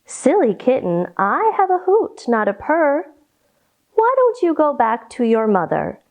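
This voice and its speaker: A woman voicing a wise old male owl in a children's storybook, gently chiding with high hoots. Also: huge pitch swings, unhurried, dull audio, exaggerated voice.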